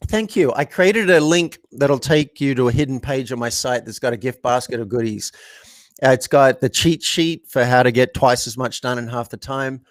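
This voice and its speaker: A man on an interview, reflective and story-driven, slipping into quoted exchanges as he explains his ideas. His voice sits in an ordinary middle pitch. It is recorded close and dry, with no room sound. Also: moderate pace, dry recording. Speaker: guest, coach. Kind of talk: conversational interview.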